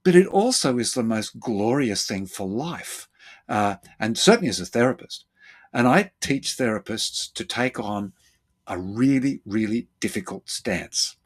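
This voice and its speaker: A man who works as a therapist, explaining his ideas in relaxed conversation. He often acts out other people's lines with sudden jumps in pitch and thinks aloud with fillers and repeated words. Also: unhurried. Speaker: therapist and guest.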